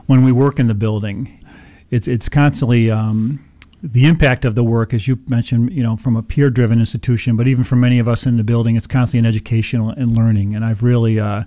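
A man's voice: mid-range voice, level tone, fast talker, mellow, dry recording. Agreeable male interviewer, dry close sound. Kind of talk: conversational interview.

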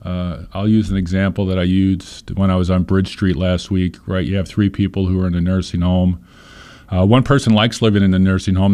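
Low-pitched man, interview guest, earnest and explanatory. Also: a little mellow. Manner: earnest, explains with examples and stories. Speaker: nonprofit leader being interviewed. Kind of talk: conversational interview.

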